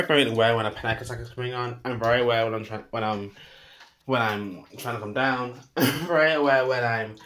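A young man talking through an unscripted voice note monologue, sighing and laughing, with sudden loud outbursts between muttered asides. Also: mid-range voice, a little hiss or hum. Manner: emotional, swinging from muttered sighs to loud outbursts; sighs and laughs often, says "girl" a lot. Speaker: podcast host.

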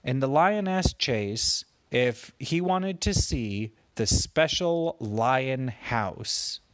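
A man slowly making up a gentle bedtime story for his child, with playful voices for the characters. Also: medium pitch, animated, no room sound. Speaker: parent telling a bedtime story.

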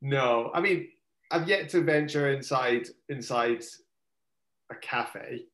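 A man's voice: mid-range voice, takes it slowly, a bit bright. A man chatting casually as a podcast co-host, dry and teasing in an understated way. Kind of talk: casual chat. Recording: echoey room.

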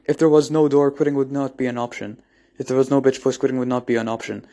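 Mellow-voiced man giving a motivational talk. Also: medium pitch, fairly even intonation, quick pace. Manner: earnest, repeats and restarts phrases, swears casually. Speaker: motivational speaker. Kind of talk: unscripted motivational monologue.

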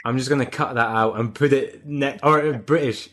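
A man hosting a relaxed podcast chat. He hesitates and trips over the first words of his sentences before getting going. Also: medium pitch, normal speed. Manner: hesitant, repeats words when starting. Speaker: podcast host. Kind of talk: casual interview chat.

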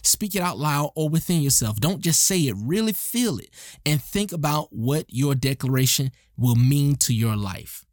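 A man's voice: on the high side, expressive, moderate pace, no room sound, studio quality. A man hosting a motivational podcast, talking earnestly and emphatically and repeating his key lines for effect. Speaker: podcast host.

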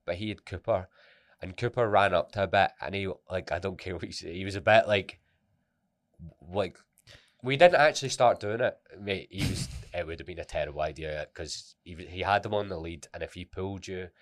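A man's voice: low-pitched, fairly quick, no echo, studio quality. A Scottish man co-hosting a podcast in casual chat, teasing his friends with blunt banter. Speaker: podcast co-host.

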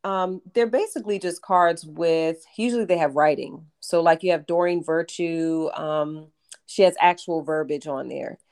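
A woman tarot reader talking about readings in a relaxed, rambling way, full of fillers and restarts. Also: low-pitched, moderate pace. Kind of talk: casual podcast chat.

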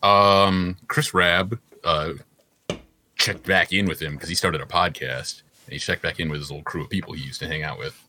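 A man co-hosting a podcast, chatting casually and joking with quick banter. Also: low voice, steady tone, sharp tone. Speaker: podcast co-host.

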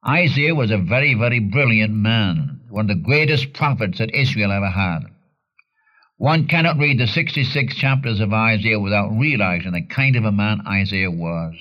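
A man preaching a sermon in a blunt, earnest way, his voice jumping up sharply to stress a point. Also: highs cut off. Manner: earnest and blunt, with sudden rises in pitch for emphasis.

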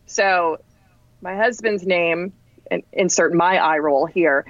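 This forties-aged woman from New Jersey, guesting on a podcast, spins a casual story at a slow pace yet with a chatty, lively feel. She voices the people she quotes by pitching up, and the lo-fi recording sounds dull, dry, and free of echo.

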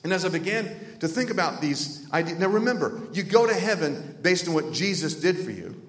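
A man's voice: sits high, animated, fairly quick. Preacher man in an echoey hall. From North Carolina. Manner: emotional storytelling, swinging from loud exclamations to hushed near-whispers. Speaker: pastor. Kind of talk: sermon. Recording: echoey hall with long reverb.

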